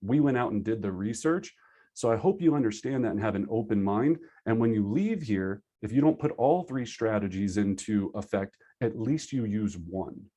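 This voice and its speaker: Over a video call, a real estate sales trainer runs a live online class for agents, speaking in a lowish voice with energy and a conversational ease. In quick asides, he performs the excuses his students tend to make.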